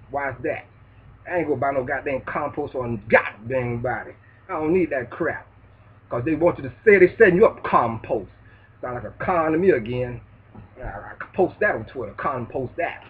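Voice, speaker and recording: Man, preachy profane rant, raised pitch, tinny recording picked up from afar, faint hiss. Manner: loud, preachy, profane street talk. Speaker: vlogger. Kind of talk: ranting monologue. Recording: distant tinny phone-like sound.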